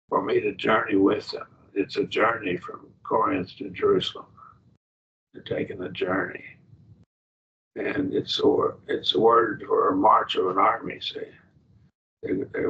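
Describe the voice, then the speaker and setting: A man with a low, gravelly voice teaches a Bible class and works through Greek words step by step. The sound is dull and lo-fi, with a faint hiss underneath. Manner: explains Greek word by word, slow and thinking aloud.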